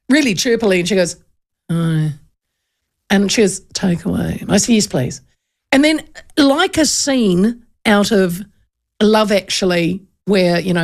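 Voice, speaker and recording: A woman with a New Zealand accent hosts a radio show, spinning a chatty story with lively impressions of the people in it. Her voice carries a gravelly fry throughout. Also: sits low. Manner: lively, animated, acts out voices in anecdotes. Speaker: radio host.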